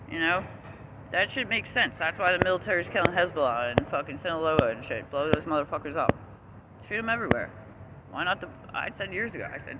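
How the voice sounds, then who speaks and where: A man with a high-pitched voice rants in a profane, agitated, rambling way. Traffic and street noise run loudly behind him outdoors. He talks straight to the camera as a vlogger. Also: lively intonation, brisk, lo-fi sound. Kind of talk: angry ranting monologue.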